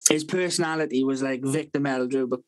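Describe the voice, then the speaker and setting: A man's voice: mid-range voice, a little fast, low-quality recording. A man, a podcast co-host, telling a long rambling story full of swearing and laughter in a casual chat.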